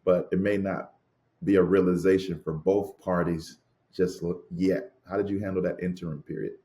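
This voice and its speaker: Man, interviewer, low voice, mellow, calm questions. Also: moderate pace.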